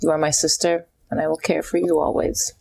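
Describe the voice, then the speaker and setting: A woman's voice: sits low, little pitch movement, a little fast, vocal fry, dark tone, breathy edge, pitched below the performer's own voice, heavily acted. A woman voicing a controlling young bard and elder sister who writes the songs, speaking earnestly in role-play. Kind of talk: in-character tabletop role-play.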